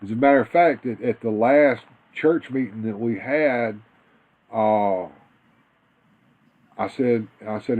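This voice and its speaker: A man's voice: on the low side, measured pace, pauses often. A man co-hosting a casual live stream, rambling and restarting his sentences as he chats. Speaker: co-host of a toy live stream. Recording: tinny phone-like audio.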